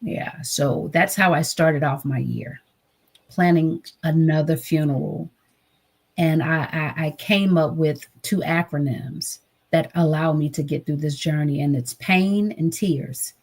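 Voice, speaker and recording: A woman's voice: low-pitched, measured pace, slightly rough. A woman guest, a trauma advocate, telling an emotional personal story in an earnest way. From United States. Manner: earnest, acts out quoted voices.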